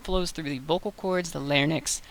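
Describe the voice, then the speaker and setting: A young woman giving a casual voice-training tutorial, chatty and loose, with fillers and quick self-corrections. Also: sits low, fairly even intonation. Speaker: voice coach. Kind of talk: casual tutorial talk to camera. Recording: faint hiss.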